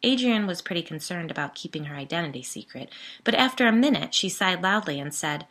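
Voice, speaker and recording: A woman's voice: fairly low pitch, animated, fairly quick, a bit bright. A woman narrating a first-person story in a conversational, wry way.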